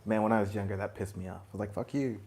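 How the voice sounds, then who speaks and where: A man giving a spiritual talk to a group, gentle and reflective, chuckling now and then and dropping in blunt asides. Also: on the low side, flat delivery, racing, heavy background noise. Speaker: spiritual teacher.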